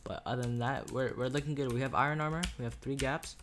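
A man's voice: medium pitch, steady tone, quick pace, a bit bright, slight background noise. A man giving casual, rambling commentary over his own gameplay, joking and trash-talking the other players, recorded on a desk microphone. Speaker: gaming YouTuber. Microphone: USB desk microphone. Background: faint keyboard and mouse clicks.

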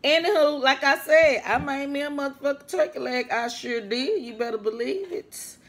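Eating a meal on mic, a young food vlogger talks loudly and playfully to her viewers as if they were friends, mouth sounds audible between remarks. She's high-pitched and speaks at a moderate pace in this casual mukbang.

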